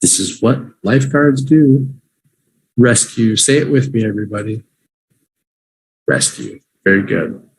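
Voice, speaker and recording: A man teaching English vocabulary on a livestream, repeating each word slowly for learners to say with him. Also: mid-range voice, a little mellow, breathy edge. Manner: slow, drawn-out repetition for learners.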